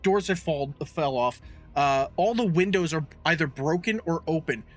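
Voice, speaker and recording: Guy on a horror podcast ranting, cursing a lot, high bright voice, faint music behind. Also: expressive, normal speed. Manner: rambling, profane, incredulous ranting. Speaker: podcast co-host. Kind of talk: casual podcast chat.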